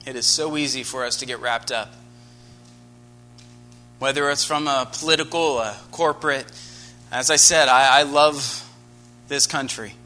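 A man's voice: mid-range voice, unhurried, long pauses, soft background music. An American man preaching a sermon, telling a personal story with earnest, rising energy. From United States. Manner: earnest storytelling, grows animated and loud.

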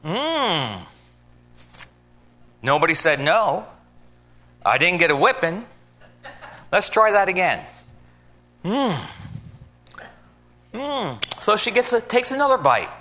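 A man's voice: sits high, sing-song, moderate pace, pauses often, bright, forceful tone. A man preaching an informal sermon in a folksy, conversational way, acting out little scenes as he goes.

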